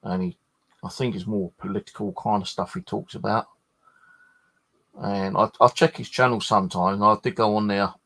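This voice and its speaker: Tired bloke, low-pitched, rambling casual chat full of swearing and restarts. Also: male voice, gravelly, a bit bright, breathy edge. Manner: swears freely, meandering with many restarts. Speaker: ghost hunter chatting with livestream viewers.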